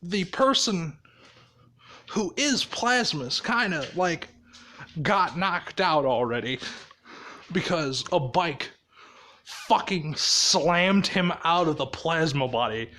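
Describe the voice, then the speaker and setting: A man's voice: a little high, fairly bright tone. A man telling a made-up story casually, rambling and swearing, often laughing at his own ideas.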